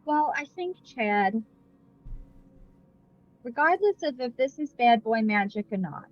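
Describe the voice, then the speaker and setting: A woman's voice: a little high, animated, slow, soft background music. A woman playing a tabletop game, talking in a soothing, caring way. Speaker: player. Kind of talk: casual chat, playing a character. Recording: dull, lo-fi mic.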